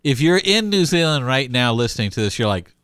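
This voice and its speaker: A man's voice: mid-range voice, big pitch swings, brisk, a bit bright, clean tone, no room sound, studio quality. A man co-hosting a podcast, joking and rambling with fillers and laughs in casual comedic chat. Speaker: podcast co-host.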